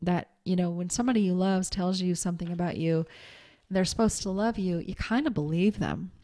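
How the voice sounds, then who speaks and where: A woman's voice: fairly low pitch, a little fast, dark tone. A middle-aged woman giving a candid, chatty self-help talk as a coach, with plenty of ums.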